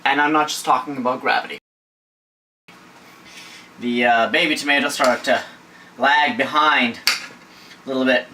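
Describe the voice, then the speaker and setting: A man's voice: mid-range voice, steady tone, normal speed, pauses often, sharp tone. Goofy joke-telling man cooking. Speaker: home cooking host. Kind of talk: casual cooking demo with jokes. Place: home kitchen. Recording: voice from a distance, faint kitchen noise.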